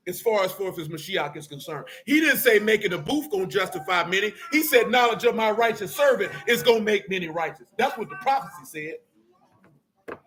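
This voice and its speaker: A middle-aged man preaching a fiery sermon in street slang, scolding and sometimes shouting. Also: sits high.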